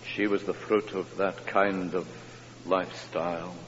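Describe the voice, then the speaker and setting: A preacher delivers a sermon in a slow, deliberate voice, his delivery climbing to high, impassioned peaks. He is a man with a fairly low-pitched voice. The recording is dull and a little muffled, with a long church reverb and a faint hum underneath. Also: flat delivery.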